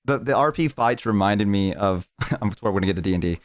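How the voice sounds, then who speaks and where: A man's voice: on the low side, animated, quick pace. A young man streaming, telling a long story in casual, rambling, profane chat full of "like". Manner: rambling, profane, heavy use of "like".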